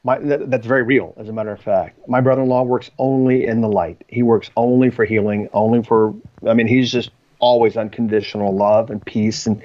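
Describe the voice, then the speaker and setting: A man's voice: mid-range voice, fairly even intonation, fairly quick, hardly any pauses. A man, a podcast guest, telling personal stories in a rambling way with frequent ums and restarts. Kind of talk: storytelling in conversation. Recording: slightly dull lo-fi audio.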